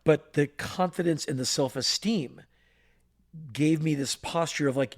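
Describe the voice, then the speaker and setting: A man co-hosting a podcast, telling a story in an animated way and acting out voices and sounds. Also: on the high side, measured pace. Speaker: podcast co-host. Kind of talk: storytelling in casual chat.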